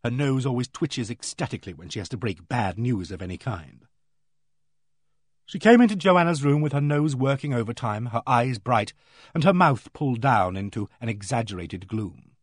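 Man, audiobook narrator, husky, lively intonation, dry close sound, measured. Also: mid-range voice, no room sound. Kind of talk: first-person novel narration.

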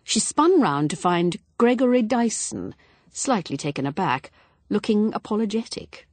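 A woman reading an audiobook in measured, expressive narration. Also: medium pitch, dry recording. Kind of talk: scripted narration.

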